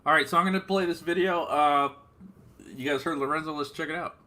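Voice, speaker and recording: A man's voice: on the high side, brisk, pushed and bright. A man hosting a podcast in loose casual chat, rambling with lots of fillers. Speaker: podcast host.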